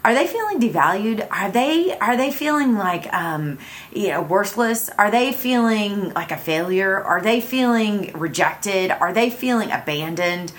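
A woman co-hosting a casual podcast, giving relationship advice in an animated way and acting out the phrases she quotes. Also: mid-range voice, unhurried.

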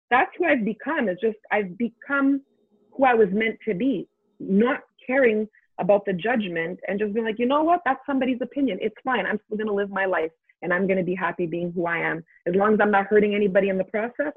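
A woman's voice: medium pitch, slightly rough, no room sound. A middle-aged woman, a podcast guest, talking in a straightforward, emphatic way and laughing readily. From Canada. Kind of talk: casual interview talk. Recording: tinny phone line.

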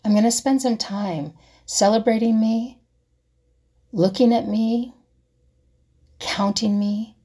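Slowly and with long pauses, a woman vlogger talks reflectively to camera in a fairly high, breathy voice. She asks herself rhetorical questions one after another, sometimes softening to a whisper.

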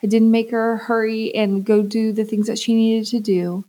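A young adult woman hosting a podcast, talking in a soft, calm, unhurried way about a gentle morning routine. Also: fairly high pitch. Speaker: podcast host, self-love coach. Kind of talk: gentle reflective monologue.

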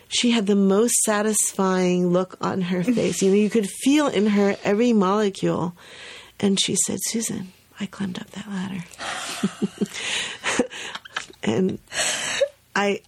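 A woman hosting a podcast in relaxed conversation. She tells an anecdote with animated swings in tone, laughs often and acts out what people said. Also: medium pitch. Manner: lively storyteller, acts out quotes, laughs often. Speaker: podcast host. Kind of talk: casual chat.

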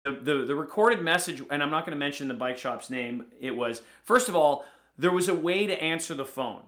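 A man's voice: on the high side, brisk. A middle-aged man hosting a sales podcast, telling stories with lots of restarts and acting out the people he quotes. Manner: animated storyteller, acts out quoted voices, many restarts. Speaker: podcast host. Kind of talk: casual sales podcast storytelling.

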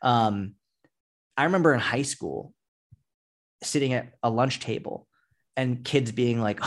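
Animated man chatting with frequent "like". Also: mid-range voice, a little slow, long pauses. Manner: animated, swears casually, many "like" fillers. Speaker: podcast guest, fitness coach. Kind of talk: casual interview chat.

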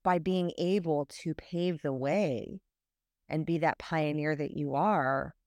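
A woman hosting a podcast, coaching her guest in an encouraging, measured way. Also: low voice, a little mellow, no room sound. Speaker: podcast host and communication coach. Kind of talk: coaching interview.

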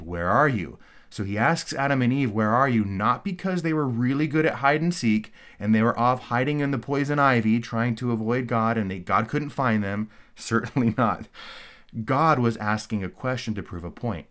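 A man's voice: medium pitch, a bit bright. A man giving a recorded theology course lecture, earnest and explanatory, reading verses aloud and then commenting on them, with frequent fillers and restarts.

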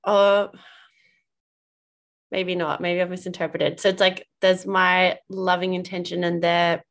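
A woman's voice: lowish voice, level tone, a little slow, fairly bright tone. A woman hosting a podcast interview, engaged and paraphrasing her guest's ideas back to check her understanding. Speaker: podcast host. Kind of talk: casual interview chat.

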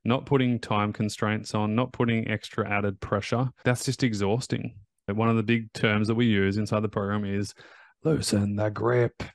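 Low-voiced emphatic male coach. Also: level tone, moderate pace, no echo. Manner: emphatic, repeats key phrases. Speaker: recovery coach and podcast host. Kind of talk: motivational podcast talk.

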